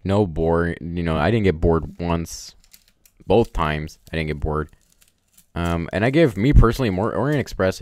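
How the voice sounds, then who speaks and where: Give me a rambling, low-voiced man chatting on a live stream, his voice bouncing up and down. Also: a little mellow, no echo, studio quality. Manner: rambling, full of "um" and "like". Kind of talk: casual live-stream chat.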